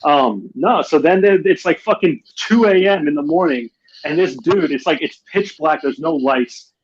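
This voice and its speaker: Brief: husky, slightly high male co-host, animated swearing storyteller, muffled lo-fi mic. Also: moderate pace. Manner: animated storyteller, heavy swearing, acts out quotes. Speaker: podcast co-host. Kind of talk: casual chat.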